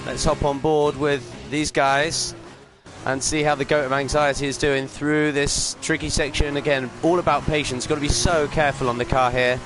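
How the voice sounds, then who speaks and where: A man's voice: on the high side, flat delivery, normal speed, music in the background. Chatty male sim racing commentator. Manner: chatty, upbeat, lots of ums and uhs; greets chat viewers while commentating. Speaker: league race commentator and stream host.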